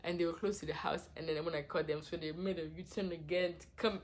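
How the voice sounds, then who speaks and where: A young woman telling a dramatic personal story in a casual vlog, swinging from hushed asides to loud exclamations. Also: on the low side, fairly even intonation, fairly quick, few pauses. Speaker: vlogger.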